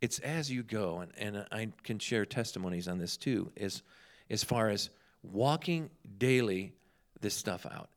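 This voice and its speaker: A man's voice: fairly low pitch, unhurried. A man chatting casually, telling humorous stories and acting out the people in them. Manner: humorous, animated storyteller who acts out dialogue. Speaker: guest telling ministry stories. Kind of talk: casual storytelling chat.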